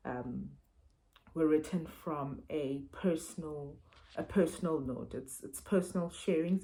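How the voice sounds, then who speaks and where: A woman's voice: sits low, warm tone, poor audio. A South African woman reviewing books in a casual chat, full of fillers and restarts. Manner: chatty, many fillers and restarts. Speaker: book reviewer.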